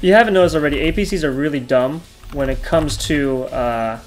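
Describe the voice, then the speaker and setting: A man hosting his own gaming channel, talking through his play, yelling and laughing at close calls. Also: on the high side, a little fast, soft background music. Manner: chatty, talks over his play. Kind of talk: gameplay commentary.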